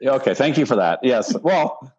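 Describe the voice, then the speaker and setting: A man's voice: medium pitch, animated, moderate pace, a little mellow, husky, highs cut off. A man guest in a casual chat, polite and chatty. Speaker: panel guest.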